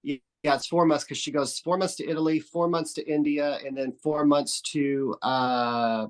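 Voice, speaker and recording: A man from Texas with a slightly high voice and fairly even intonation chats casually as a podcast guest at a moderate pace. His stories wander, full of restarts, trailing sentences, and casual profanity.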